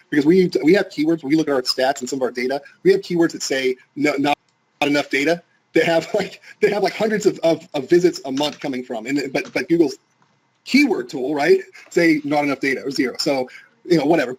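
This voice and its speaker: Fast-talking man teaching a seminar. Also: a little high, darkish tone, rough recording. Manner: fast, casual, salesy, asks the audience questions. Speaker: marketing instructor. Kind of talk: informal seminar talk to a live audience.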